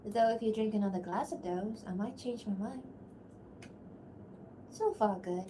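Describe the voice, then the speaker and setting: A woman's voice: medium pitch, measured pace, warm tone, slight background noise, natural voice. A woman putting on a drawling Cajun-accented young woman. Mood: teasing. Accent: attempted Cajun. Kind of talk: animatic voice line takes.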